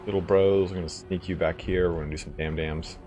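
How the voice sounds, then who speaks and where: A man's voice: low-pitched, fairly even intonation, fast, mellow. A man hosting a gaming video, giving loose, rambling let's-play commentary, swearing freely and chuckling often. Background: faint game music.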